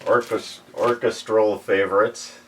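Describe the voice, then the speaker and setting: A middle-aged man talks through a collection in an unhurried, drawn-out way. His voice sits on the low side, and he chuckles easily as he recalls things in casual shop chat. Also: level tone, fairly bright tone, far from the mic, slight background noise. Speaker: record shop collector showing albums.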